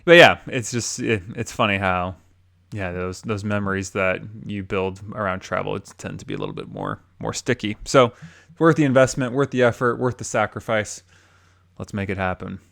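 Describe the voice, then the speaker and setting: A man's voice: fairly low pitch, lively intonation, normal speed, creaky, fairly bright tone. A man hosting a casual podcast, chatty and full of filler words, often laughing. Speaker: podcast host. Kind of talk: casual chat.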